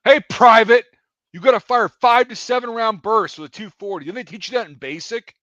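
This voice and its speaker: A man's voice: very high voice, animated, a little fast, a bit bright, no room sound, highs cut off, voice pushed up. A man mimicking a condescending young soldier. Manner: condescending, lecturing. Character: nitpicking young male range safety soldier.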